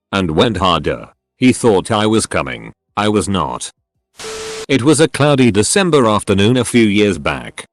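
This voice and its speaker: A man reading out online stories as a scripted narration, with a lively, comic delivery on a studio mic. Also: on the low side, dry recording. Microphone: studio voice-over mic.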